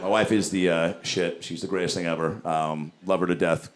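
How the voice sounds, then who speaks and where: A man in his forties doing a profane, rapid-fire stand-up set, with mumbled asides and loud bursts, on a handheld mic on a club stage. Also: low-pitched, steady tone. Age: 40s. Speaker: stand-up comedian. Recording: loud audience laughter and room ambience.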